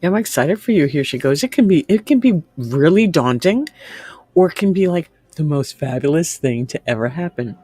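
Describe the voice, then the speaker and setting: A woman's voice: deep voice, expressive, moderate pace, warm tone, slightly rough, no room sound. A woman livestream host chatting casually with her viewers and reading their comments, laughing often and sometimes dropping to a whisper. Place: room at home with window open.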